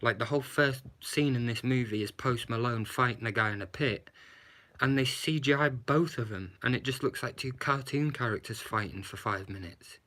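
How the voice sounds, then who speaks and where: A man's voice: medium pitch, normal speed, sharp tone. Guy ranting about a movie, blunt, sarcastic, swears a lot, keeps saying yeah?. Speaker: movie reviewer. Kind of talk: casual movie review rant.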